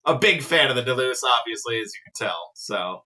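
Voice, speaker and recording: A man co-hosting a casual reselling livestream, talking calmly and warmly thanking a viewer for a gift. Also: mid-range voice, brisk. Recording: distant from the mic.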